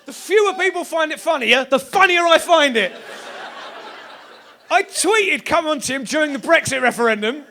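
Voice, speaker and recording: A man performing a sweary, animated stand-up comedy set on a club stage, now and then bursting into shouts. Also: extremely high pitch, moderate pace, a little hiss or hum. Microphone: stage microphone.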